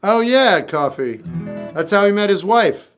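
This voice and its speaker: A man's voice: high voice, expressive, a little slow, fairly bright tone. A man in his fifties, a singer-songwriter chatting casually on a livestream, answering comments in a blunt, wry, offhand way. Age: 50s. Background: guitar playing.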